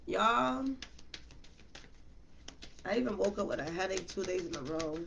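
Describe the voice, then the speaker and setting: A woman's voice: fairly low pitch, expressive, measured pace, creaky, long pauses, slight background noise. A woman reading tarot cards in a casual, chatty way, talking straight to her viewers with lots of slang. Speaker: tarot reader.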